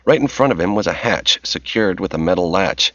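Low-voiced guy reading an audiobook, steady, dry slightly muffled audio. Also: a little fast, no echo. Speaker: audiobook narrator. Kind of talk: scripted narration. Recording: slightly dull dry recording.

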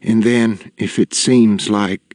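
A man's voice: fairly low pitch, steady tone, takes it slowly, a little mellow, no echo. A man voicing a weary, worn-down middle-aged mother in a lifted, fragile voice. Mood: brittle.

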